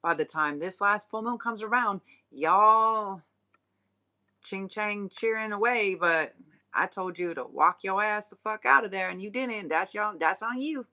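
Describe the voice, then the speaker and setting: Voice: mid-range voice, unhurried, sharp tone. A spiritual reader talking straight to the viewer in an unscripted reading, blunt and profane, with many restarts and asides. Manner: speaks straight to the viewer as "you guys". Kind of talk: unscripted channeled reading monologue.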